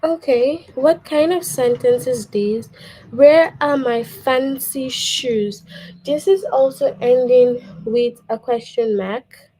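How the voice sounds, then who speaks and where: A woman teaching a grammar lesson to young children, slow and patient, often checking in with "okay?". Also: high-pitched, dark tone.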